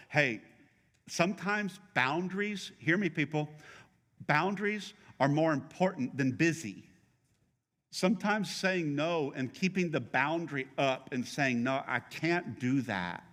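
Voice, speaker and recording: A man's voice: medium pitch, a bit bright, in a large hall. A middle-aged male pastor preaching a sermon in a conversational, joking way, teasing his congregation.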